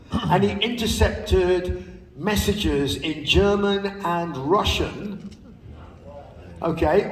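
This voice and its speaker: An older man telling anecdotes to a live audience in a chatty, laughing way, with casual swearing. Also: sits high. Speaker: speaker at a live spoken-word show. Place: large theater stage. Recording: distant audience recording in a reverberant hall.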